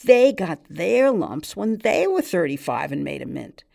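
A woman's voice: fairly low pitch, big pitch swings, unhurried, vocal fry, a little mellow, exaggerated voice. A woman reading aloud, voicing a weighty older man who speaks with grand, mocking irony. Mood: gleeful. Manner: sardonic, grandly ironic.

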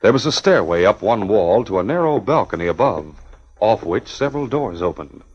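A man narrating a 1950s radio drama in a measured, even storytelling voice. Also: fairly low pitch, slight background noise. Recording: dull 1950 radio recording.

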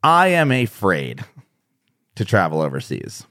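A man's voice: low voice, wildly swooping pitch, unhurried, a bit bright, no echo, clean studio sound. A man as an interview guest, rambling and self-deprecating with frequent restarts. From United States. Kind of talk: conversational interview.

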